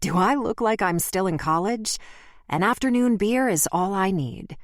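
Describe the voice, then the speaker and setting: A woman's voice: mid-range voice, lively intonation, moderate pace, no echo, close to an everyday voice. A woman voicing a wry off-duty female detective with dry humor, in an audiobook. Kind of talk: audiobook character voice.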